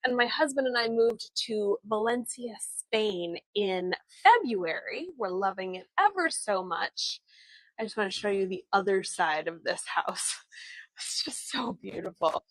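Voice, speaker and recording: A woman's voice: mid-range voice, lively intonation, measured pace, no room sound, poor audio. A woman from the American Pacific Northwest and Midwest in her thirties, narrating a live-streamed walking tour outdoors on a phone, chatty and enthusiastic with many fillers. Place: outdoors on old-town streets.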